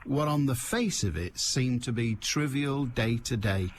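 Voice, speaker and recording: A man hosting a phone-in radio show, talking bluntly and forcefully. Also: medium pitch, measured pace, a little hiss or hum. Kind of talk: opinionated radio talk.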